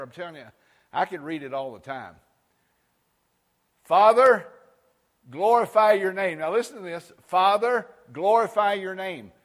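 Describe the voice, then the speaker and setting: A male preacher, delivering a sermon that swings between loud emphatic peaks and quiet, intimate asides. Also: a little high. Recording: long reverb of a large hall.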